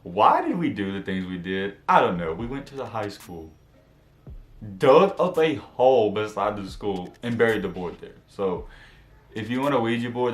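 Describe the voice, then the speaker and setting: Deep-voiced young man telling a story. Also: reverberant. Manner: animated, slangy, acts out quotes. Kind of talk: casual storytime vlog.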